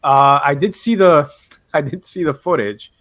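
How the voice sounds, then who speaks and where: A man's voice: on the high side, a little slow, no echo. A man co-hosting a live-stream podcast, chatting casually and hesitantly with many fillers. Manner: relaxed, hesitant, with frequent fillers. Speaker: podcast co-host.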